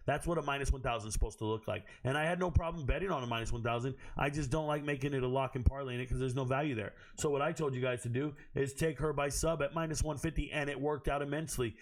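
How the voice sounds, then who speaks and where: A man hoarse from screaming, giving a blunt, profane and animated monologue recapping fights and bets as the show's host. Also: medium pitch. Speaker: MMA betting analyst.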